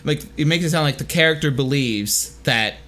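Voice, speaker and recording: A man's voice: fairly high pitch, normal speed, a bit bright. A man hosting a casual commentary on his own animation, rambling with many fillers and restarts.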